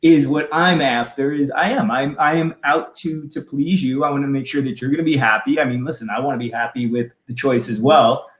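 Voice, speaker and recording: A man co-hosting a fitness talk, speaking about relationships in an easygoing, earnest, measured way. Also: medium pitch. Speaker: fitness coach co-host. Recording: echoey room.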